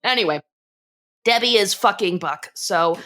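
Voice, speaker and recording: A woman co-hosting a podcast, recapping a cartoon episode in casual chat, animated and profane, laughing often and acting out quotes. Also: mid-range voice, unhurried. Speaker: podcast co-host.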